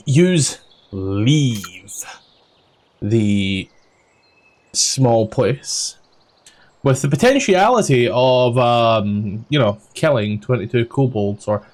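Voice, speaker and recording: A man's voice: mid-range voice, a little mellow. A man with a Scottish accent recapping a tabletop game as dungeon master, rambling with lots of ums and casual swearing.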